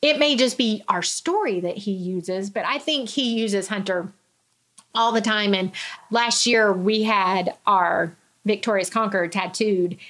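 A middle-aged woman telling her personal story in conversation. She speaks candidly and earnestly, and she quotes other people in lively voices. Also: medium pitch. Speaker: guest sharing her testimony.

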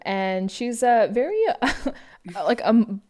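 An American woman co-hosts a podcast, casually recapping a film with plenty of laughter, fillers, and restarts. Her voice sits a little high, with a slow pace and a warm tone. She comes across as giggly and rambling, often correcting herself mid-thought.

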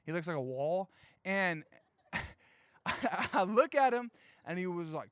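Young male youth pastor, higher voice, smooth and dry, chatty storyteller. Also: slow pace, long pauses, no echo. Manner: animated storytelling, chatty fillers. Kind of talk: casual sermon with personal story. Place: outdoor evening gathering.

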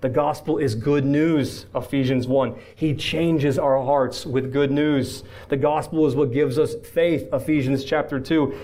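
A man preaching a Sunday sermon in a church. His voice sits at an ordinary middle pitch, and his delivery is earnest, building momentum through repeated phrases. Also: a little mellow. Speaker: pastor.

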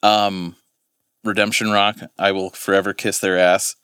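A man's voice: lowish voice, little pitch movement, a little slow, fairly bright tone, smooth, no room sound, studio quality. A man, co-hosting a podcast in casual chat, rambling and swearing as he corrects himself. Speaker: podcast co-host.

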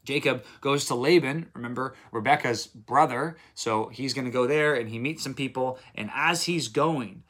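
A man's voice: medium pitch, normal speed, hardly any pauses, fairly bright tone. A man giving casual daily Bible commentary, retelling the stories in plain modern speech and checking in with listeners as he goes. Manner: checks in with listeners, repeats for emphasis. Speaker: Bible reading teacher.

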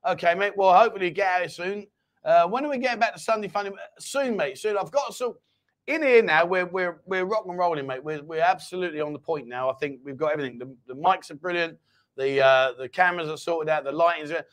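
A man's voice: high voice, fast, fairly bright tone. A man hosting a casual live-stream chat show from a small home studio, jokey and rambling as he reads out viewer comments. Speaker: host.

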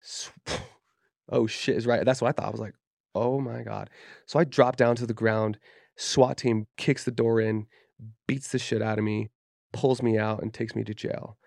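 A man's voice: on the low side, flat delivery, moderate pace, creaky, darkish tone, no room sound, studio quality. A man from Utah, a podcast guest, telling a personal story in a candid, profane, casual way with plenty of "you know" and "dude.". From Utah, USA. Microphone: podcast studio mic.

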